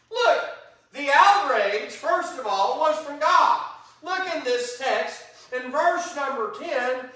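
A man preaching an interactive Bible teaching sermon, animated and quick to act out God's anger. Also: very high-pitched. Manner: animated, acts out God's angry voice, rising to shouts. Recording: roomy echo, voice from a distance.

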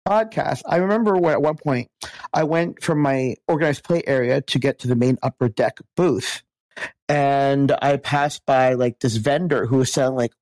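A man of average pitch chats on a podcast, his voice hoarse and worn from days of talking. He rambles and restarts his sentences often. The recording is dry and close. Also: darkish tone, no echo. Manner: rambling, many restarts and fillers. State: hoarse, lost voice. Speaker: podcast guest. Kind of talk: casual podcast chat.

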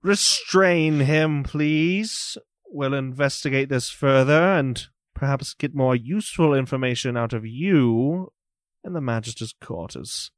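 A man voicing a stern, suspicious male magister official who questions people slowly and pointedly in a tabletop game. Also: mid-range voice, no room sound, clean studio sound, natural voice. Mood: weary. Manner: slow, clipped, incredulous questioning.

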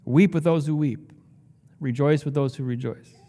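A man's voice: moderate pace, dark tone. A man preaching a sermon as pastor, reading scripture with rising, impassioned emphasis. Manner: impassioned, rising in pitch when quoting scripture. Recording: long hall reverb.

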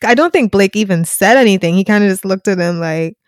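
A woman's voice: mid-range voice, animated, a little fast, no echo, studio quality. A woman co-hosting a podcast, chatting casually, laughing often and saying "like" a lot. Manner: laughs often, heavy use of "like". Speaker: podcast co-host. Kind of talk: casual recap chat.

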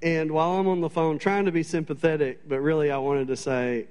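A man with a fairly high voice preaching in a church. He tells funny, animated stories in a chatty way and often stops on fillers. It is an easygoing, storytelling sermon. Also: a little fast, clear, resonant tone. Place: church sanctuary.

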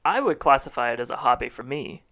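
A man's voice: medium pitch, very animated, fast talker, pushed and bright. A young man co-hosting a casual podcast, teasing his friend with dry comebacks. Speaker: podcast co-host.

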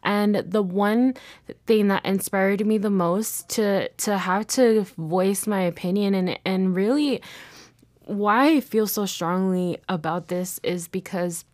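A young woman talks alone into a close podcast mic, fired up and swearing freely. She keeps restarting and trailing off mid-thought. Her voice sits at an everyday middle pitch in a dry, deadened room. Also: slow pace, a little mellow, no room sound. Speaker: podcast host. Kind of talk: casual solo podcast monologue.

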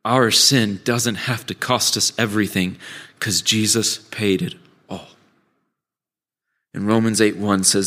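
A man's voice: fairly low pitch, fairly even intonation, unhurried, long pauses, bright, forceful tone. A man, a pastor, giving a sermon with candid, self-deprecating storytelling. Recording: long church hall reverb.

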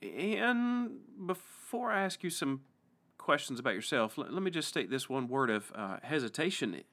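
East Tennessee pastor hosting a podcast. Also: male voice, a little high, big pitch swings, a bit bright. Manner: friendly, halting, many restarts. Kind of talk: casual podcast interview.

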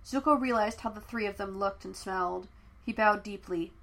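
A woman's voice: mid-range voice, moderate pace, gravelly, a bit bright. Woman reading a story aloud. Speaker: fan fiction reader. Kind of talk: audiobook narration.

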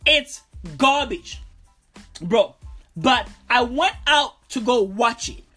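A woman's voice: fairly high pitch, expressive, slow, pushed and bright, soft background music. A woman comedian doing a profane, rambling stand-up rant, tossing in "bro" constantly.

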